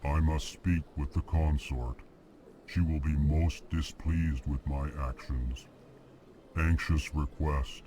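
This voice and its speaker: A huge, emotionless alien diplomat, whose voice sits at the very bottom of the range and sounds dark and mellow. He speaks in a slow, flat monotone and names every feeling out loud before he says his line. Faint game music plays underneath him. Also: rumbling low.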